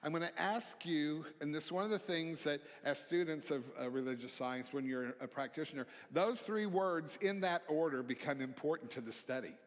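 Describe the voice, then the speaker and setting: A man preaching a reflective sermon as a minister, slow and gentle, dropping to near-whispers on key phrases. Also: fairly high pitch. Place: church sanctuary. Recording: long hall reverb.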